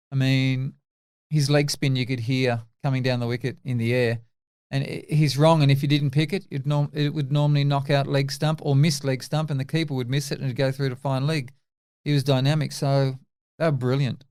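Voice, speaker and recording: A man in his fifties with an Australian accent, a former test cricketer telling animated stories in an interview and acting out the dialogue. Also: mid-range voice, clean tone. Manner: animated anecdotes, acts out quoted dialogue. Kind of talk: casual interview storytelling.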